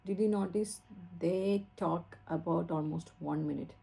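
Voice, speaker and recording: Indian woman, language trainer, low pitch, mellow, earnest explanations, phone-recorded. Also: unhurried, vocal fry, husky. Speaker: English test trainer. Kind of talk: teaching talk to camera. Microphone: phone camera.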